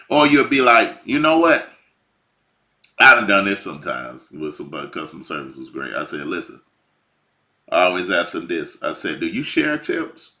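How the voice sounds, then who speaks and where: A man delivers an informal sermon in a lowish voice. His tone is bright and his pitch moves a lot. He drops to a hush and climbs to near shouting. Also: normal speed. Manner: animated, swings from hushed to near shouting. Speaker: bible teacher. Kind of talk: informal preaching.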